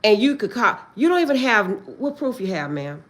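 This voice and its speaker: An agitated woman vents on a phone livestream, close to tears. Her fairly high voice leaps between loud outbursts and hushed, pleading prayers, with a very lively swing in pitch. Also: normal speed. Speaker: livestream host. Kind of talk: emotional livestream rant.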